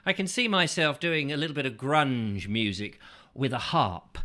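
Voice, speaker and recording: A man's voice: mid-range voice, moderate pace, bright, forceful tone. A man hosting a chat show, rambling through a whimsical, absurd comic monologue full of silly asides.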